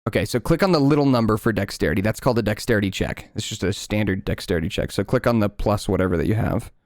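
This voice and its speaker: A man's voice: lowish voice, quick pace, a little mellow, dry recording, studio quality. A man running a tabletop game as game master, narrating scenes and explaining rules patiently with lots of filler words.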